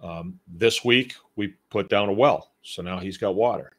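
A middle-aged man hosting a homesteading show, talking in a relaxed, rambling, conversational way as he reads out and answers listener comments. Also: on the low side, measured pace. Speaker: homestead podcast host. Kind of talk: casual live-show talk reading listener comments.

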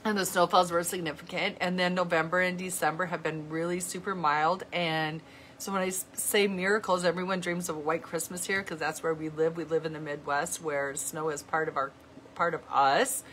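Low-voiced middle-aged woman, earnest. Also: steady tone, fairly bright tone, slight background noise. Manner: earnest, halting, with many restarts. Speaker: vlogger. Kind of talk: heartfelt casual talk to viewers.

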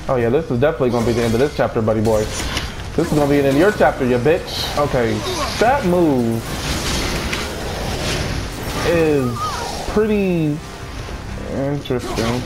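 A man playing a video game, talking to himself, swearing often and reacting loudly to the action. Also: fairly high pitch. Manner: excitable, swears a lot, talks to himself. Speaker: let's play gamer. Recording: noisy recording.

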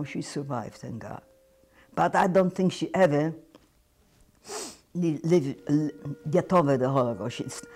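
A man's voice: on the high side, darkish tone. An older man giving personal testimony as a Holocaust survivor, stumbling and repeating words. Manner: halting, repeats himself, stumbles.

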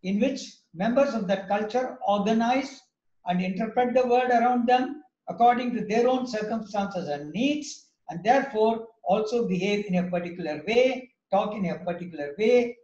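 A man's voice: high voice, normal speed, darkish tone, reverberant, muffled recording. A man with an Indian English accent giving a lecture, emphatic and anecdotal, repeating his key points.

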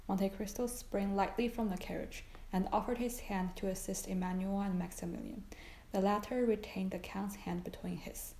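A woman reading a classic novel aloud as an audiobook narrator, steady and unhurried. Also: medium pitch, echoey room, low-quality recording. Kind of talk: scripted narration.

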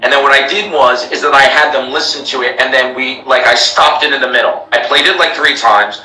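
A man's voice: mid-range voice, brisk, bright, forceful tone, echoey room, far from the mic, slight background noise, low-quality recording. An American man who teaches English, speaking emphatically in a live interview, repeating himself and addressing his followers. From United States. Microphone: laptop call.

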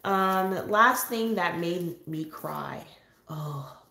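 A woman from San Diego hosting a casual live-stream chat for her coloring channel, talking freely with frequent little laughs and filler pauses. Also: fairly low pitch, gravelly, bright, forceful tone, echoey room. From San Diego, California. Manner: chatty, laughs often, pauses with um. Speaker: adult coloring channel host. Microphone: home live-stream setup.

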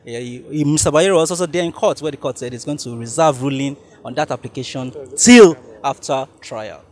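A man's voice: a little high, quick pace, a little mellow. A man, a defense lawyer briefing reporters in formal legal language with hesitant restarts. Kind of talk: press briefing.

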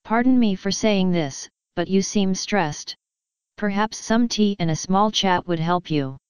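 A woman's voice: mid-range voice, measured pace, clear, resonant tone, no echo, lightly acted. A woman reading as a courteous young warrior sister. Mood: polite. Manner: courteous and formal.

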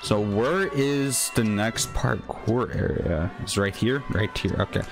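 A young man commentating a video game as he plays it, excitable and quick to yell when he fails. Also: fairly low pitch, vocal fry, soft background music. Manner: excitable, yells and whines when failing. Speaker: gaming channel host. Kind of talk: live gameplay commentary.

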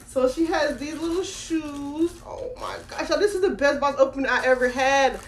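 A teenage girl from Florida excitedly unboxing on her phone, talking straight to her viewers. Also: high voice, normal speed. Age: late teens. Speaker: doll collector vlogger. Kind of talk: casual unboxing vlog. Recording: echoey room, faint background noise.

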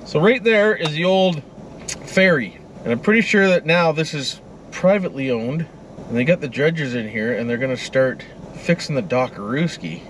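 A man's voice: fairly high pitch, animated, moderate pace, slight background noise, rough recording. A man chatting casually while flying a drone outdoors by a frozen river, talking to the drone and the birds. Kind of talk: casual running commentary.

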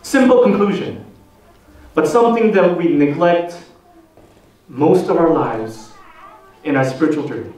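A male pastor preaches slowly and with weight, leaving space between his phrases. His voice sits a little high for a man and sounds set back from the microphone. It carries through a very echoey church sanctuary. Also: animated, a little mellow, distant mic. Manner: slow, deliberate preaching with rhetorical questions. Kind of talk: sermon. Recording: echoey church hall, voice from off the mic.

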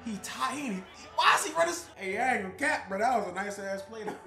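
A young man, excitable and foul-mouthed, swinging between yelling and muttering. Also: high voice, fast. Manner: excitable, swears, trash talk. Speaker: gaming YouTuber. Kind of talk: casual gameplay commentary. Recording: roomy echo with loud game music.

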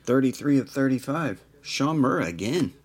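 Husky and animated, this medium-pitched male host works a live trading card break at an easy pace. He reads off the players and card numbers with dry humor sprinkled in.

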